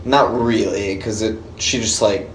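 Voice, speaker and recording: A man's voice: on the low side, steady tone, a little slow. A man co-hosting a chatty podcast, taking his time with his words and often breaking into laughter. His voice rings with a roomy echo. A faint noise sits behind it. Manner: joking, laughs often, quotes films. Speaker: podcast co-host. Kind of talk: casual chat.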